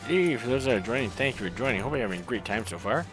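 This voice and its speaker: A man streaming a video game live, narrating and chatting quickly with viewers. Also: mid-range voice, animated, over music. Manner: quick, friendly asides to chat.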